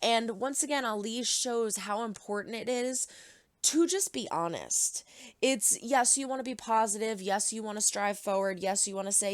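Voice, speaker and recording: A woman's voice: mid-range voice, normal speed, dry recording, clean studio sound. A woman hosting a reaction video, giving earnest, emotional commentary in a casual way.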